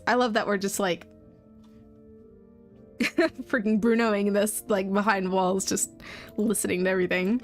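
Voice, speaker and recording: A woman's voice: mid-range voice, steady tone, unhurried, pauses often, faint music behind. A young woman in casual let's-play commentary, rambling and giggly with lots of fillers. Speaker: game streamer.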